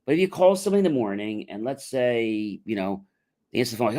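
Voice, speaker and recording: A middle-aged man talks through a casual advice livestream at a middling pitch. He keeps it conversational and slips into both sides of imagined phone calls as he goes. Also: sing-song, fast, darkish tone. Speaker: motivational livestream host. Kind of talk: casual spoken advice monologue.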